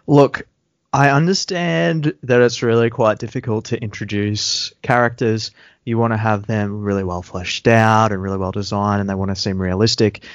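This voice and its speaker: A man's voice: on the low side, steady tone, moderate pace, no echo. A man co-hosting a podcast, recapping a show in casual chat with sarcastic, joking rants. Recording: dull lo-fi sound.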